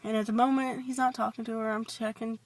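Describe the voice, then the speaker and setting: A woman telling a personal story in a confessional vlog, hesitant and rambling with many restarts, sometimes dropping to a soft whisper. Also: on the high side, flat delivery, fast, dry recording. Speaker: vlogger.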